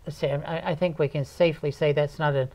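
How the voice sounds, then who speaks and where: A woman hosts a local community talk show in a chatty, folksy manner and teases her guest with light jokes. Her voice sits very low for a woman. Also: steady tone, a little fast, darkish tone. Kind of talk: casual interview chat.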